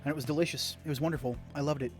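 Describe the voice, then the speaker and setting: A man's voice: on the high side, fairly even intonation, racing, soft background music. A man streaming a video game, reading its text aloud and chatting casually with rambling asides to viewers. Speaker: gaming streamer.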